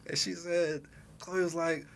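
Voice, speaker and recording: A man in casual chat, telling a story with lively quoted dialogue and laughter. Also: a little high, measured pace, gravelly.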